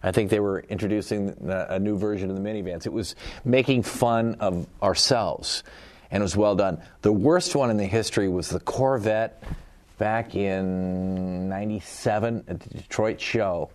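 A middle-aged man, a former auto industry PR man, telling animated stories in a casual panel chat. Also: fairly low pitch, moderate pace. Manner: animated storyteller, laughs easily.

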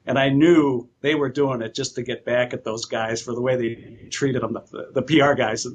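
A man's voice: mid-range voice, steady tone, normal speed, slight background noise. A man rambling through a story as a panelist in a casual chat, repeating words as he goes. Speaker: car show panelist.

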